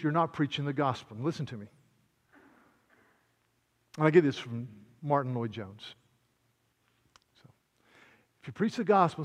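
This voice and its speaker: A man preaching a sermon as pastor, swinging between loud proclamation and hushed, intimate asides. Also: a little high, in a large hall.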